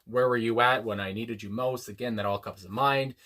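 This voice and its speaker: Man, home reaction vlog, reflective, filler-heavy, reads lyrics slowly. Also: medium pitch, steady tone, a bit bright. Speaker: music reaction channel host. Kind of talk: casual reaction commentary. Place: home room, a dog nearby.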